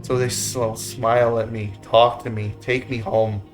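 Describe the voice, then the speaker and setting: A man voicing a drunk, distraught young male bird-man who pleads with a cracking voice that keeps rising high. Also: level tone, moderate pace, faint music behind, natural voice. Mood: anguished.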